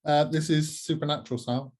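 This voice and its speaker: Mellow dry-voiced Southwest English man. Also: on the high side, steady tone, fairly quick. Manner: dry, understated, tired after a workday. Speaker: co-host. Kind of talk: casual chat showing finished stitching.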